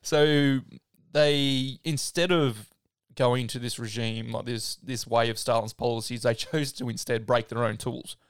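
A man's voice: medium pitch, steady tone, a little slow, clean tone, no echo, clean studio sound. A man hosting a podcast, casually explaining history and laughing often. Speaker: podcast host. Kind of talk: casual chat.

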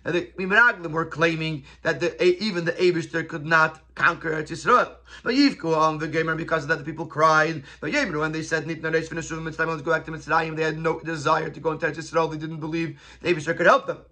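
A man's voice: on the high side, fairly even intonation, quick pace, few pauses, bright, forceful tone. A man teaching a Torah class, quoting Hebrew and Yiddish phrases and then explaining them in English.

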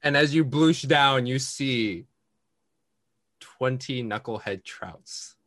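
A man's voice: mid-range voice, takes it slowly, a bit bright. A man narrating as game master of a tabletop game, describing scenes with sound effects.

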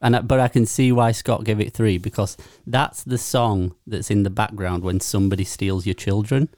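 A man's voice: lowish voice, steady tone, moderate pace, darkish tone, no echo, studio quality. Blunt jokey man. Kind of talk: casual chat.

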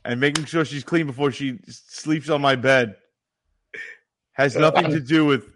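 A man's voice: mid-range voice, normal speed, fairly bright tone. Profane, ranting New man. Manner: profane, riffing rants. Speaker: podcast co-host. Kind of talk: casual sports banter.

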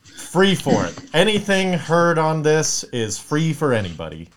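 A man's voice: a little high, big pitch swings, a little slow, noisy background. A man co-hosting a casual podcast chat, joking, swearing a lot and acting out the people he quotes.

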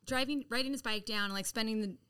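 A middle-aged woman spills a chaotic life story with swearing in nearly every sentence. Her voice is bright and sits a little high. She talks bluntly and animatedly, like she is among friends on a podcast. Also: fast, smooth. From San Diego, California. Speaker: podcast guest. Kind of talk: casual storytelling.

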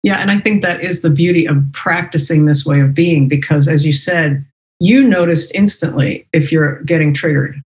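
Reflective podcast host, middle-pitched voice. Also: moderate pace, rough recording. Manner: reflective, affirming listener. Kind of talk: casual podcast conversation.

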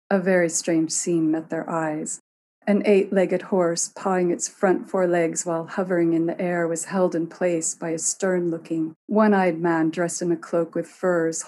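A woman narrating a fantasy tale in a measured storytelling manner. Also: on the low side, a little mellow, slight background noise.

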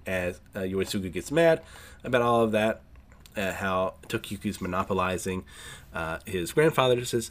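A man giving a casual chapter recap, rambling with fillers and frequent throat clearing. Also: on the low side, expressive, moderate pace, a bit bright. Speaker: manga reviewer.

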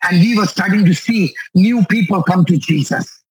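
A man's voice: sits high, normal speed, husky, low-quality recording. A man from India preaching a sermon, telling stories with earnest repeated phrases. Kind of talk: sermon testimony.

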